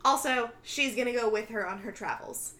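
A woman's voice: fairly high pitch, moderate pace, pushed and bright. A woman co-hosting a casual podcast, animatedly retelling a TV episode with frequent laughter. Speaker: podcast co-host recapping a TV episode. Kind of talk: casual chat.

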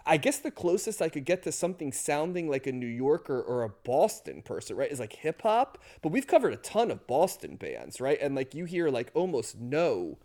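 Man, casual podcast chat, rambling, fillers, a bit high-pitched. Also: sing-song, normal speed, few pauses, mellow. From US Northeast, near New York and Philadelphia. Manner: rambling, thinks aloud with many fillers. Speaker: podcast co-host. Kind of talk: casual music discussion.

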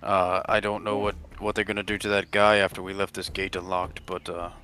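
A man's voice: low voice, little pitch movement, brisk, sharp tone, clear, resonant tone. A man playing a tabletop game, reasoning aloud hesitantly with many fillers and restarts. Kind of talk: in-character tabletop role-play.

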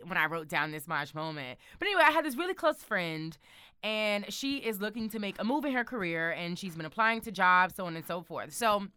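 A woman's voice: mid-range voice, pushed and bright, smooth, dry recording. A woman hosting a casual motivational talk, sassy and emphatic, calling the listener honey. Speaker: show host.

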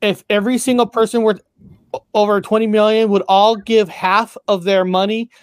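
A man's voice: high voice, flat delivery, normal speed, clear, resonant tone, no echo, clean studio sound. A man co-hosting a casual chat, reading passages aloud, stumbling over words and swearing offhand.

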